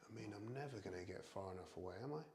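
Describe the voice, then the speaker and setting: A man's voice: fairly low pitch, lively intonation, rapid-fire, darkish tone, reverberant, a little hiss or hum. A British man chatting casually as he reviews home fitness gear, thinking aloud with a self-deprecating manner. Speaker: product reviewer.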